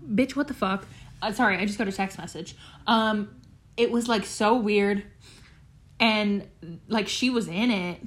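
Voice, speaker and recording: A woman's voice: mid-range voice, unhurried, long pauses. A teenage girl hosting a casual solo chat, talking freely with lots of fillers and frequent swearing. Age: teens. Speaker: podcast host.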